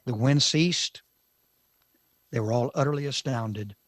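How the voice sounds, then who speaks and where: On a talk show, a man teaches from the Bible slowly and emphatically, using dramatic pauses and abrupt jumps in volume. His pitch is medium, and the recording is dry with clean studio sound.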